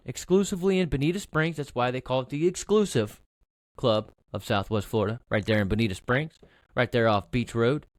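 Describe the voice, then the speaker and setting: A man's voice: fairly high pitch, no room sound, studio quality. A man co-hosting a podcast, rambling and joking at his own expense. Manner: rambling, self-mocking filler talk. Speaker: podcast co-host. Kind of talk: casual podcast chat.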